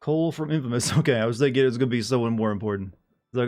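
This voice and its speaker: A man's voice: medium pitch, racing, darkish tone. A man streaming and chatting casually with his viewers, rambling and joking, now and then putting on silly voices. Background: faint music and air conditioning hum.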